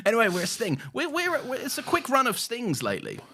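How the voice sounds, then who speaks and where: A man co-hosting a podcast in casual chat, excitable, giggly and sweary. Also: extremely high pitch, moderate pace, husky. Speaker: podcast co-host.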